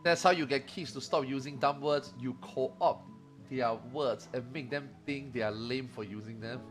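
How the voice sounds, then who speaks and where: A man in his forties chatting casually on a live stream, animated and laughing as he mocks slang. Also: medium pitch, normal speed, soft background music. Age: 40s. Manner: animated, laughing, mocking slang in comic voices.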